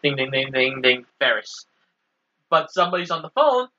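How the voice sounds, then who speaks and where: Man, podcast co-host, sharp bright voice, plot narration with quoted lines; dull lo-fi recording. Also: medium pitch, sing-song, normal speed. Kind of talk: casual chat narrating movie plot.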